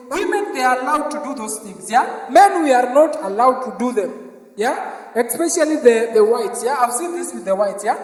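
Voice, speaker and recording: A man's voice: very high voice, lively intonation, moderate pace, faint music behind. A man doing live stand-up comedy outdoors, playful and constantly checking in with the crowd. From Kenya. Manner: playful, keeps asking the crowd "yeah?". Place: outdoor comedy show in a park. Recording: roomy reverberant live recording from a distance.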